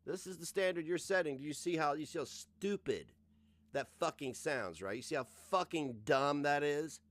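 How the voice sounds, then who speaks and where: A man's voice: a little high, moderate pace, fairly bright tone. A man livestreaming, ranting in casual, profane talk as he reacts to clips.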